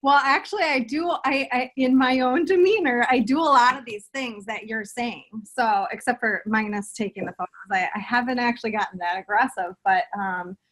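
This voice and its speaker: A woman's voice: fairly high pitch, normal speed, hardly any pauses, fairly bright tone. A woman real estate agent answering in an interview, thoughtful and a bit hesitant. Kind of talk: conversational interview.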